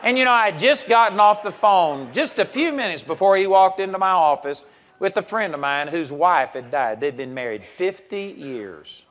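High-voiced folksy preacher. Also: male voice, moderate pace. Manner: folksy and animated, swinging between loud and soft. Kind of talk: sermon.

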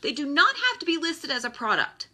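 A woman's voice: high-pitched, big pitch swings, a little fast, pushed and bright. Exasperated woman ranting on a live stream. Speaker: host. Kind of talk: Facebook Live talk.

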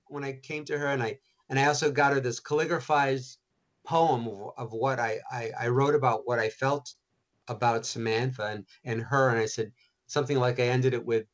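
A man, an author and interview guest, telling animated anecdotes with many restarts. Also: on the high side. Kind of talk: storytelling interview.

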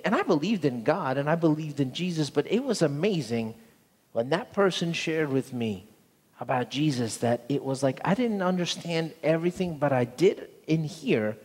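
A man's voice: on the high side, slightly rough, in a large hall. A man pastor preaching a sermon, telling a story earnestly and often repeating words, in a church sanctuary.

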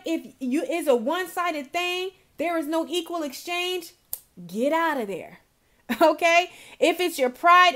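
A woman with a high-pitched voice gives a channeled tarot reading from her home. She speaks emphatically and pushes her listeners to be confident, calling them honey and baby. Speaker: tarot card reader.

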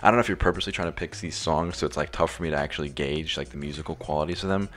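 Very deep-voiced American man. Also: very fast, a bit bright, soft background music. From United States. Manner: hesitant, thinking aloud with many restarts. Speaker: quiz contestant. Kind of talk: casual chat.

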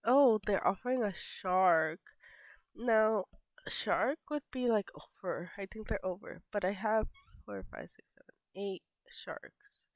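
A woman in her twenties with a sick, stuffy voice, chatting softly over gameplay and trailing into whispers. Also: mid-range voice, slow, no echo. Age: 20s. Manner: soft-spoken, drifting into whispers. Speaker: gaming YouTuber. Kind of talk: casual gameplay commentary. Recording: slightly dull lo-fi mic.

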